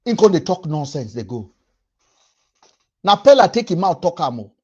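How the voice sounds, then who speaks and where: Young Nigerian man, Pidgin accent, lively high-pitched livestream ranter, muffled stream sound. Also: normal speed, slightly rough. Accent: Nigerian Pidgin English. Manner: emphatic, repeats lines for effect. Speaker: livestream host. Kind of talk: animated livestream rant.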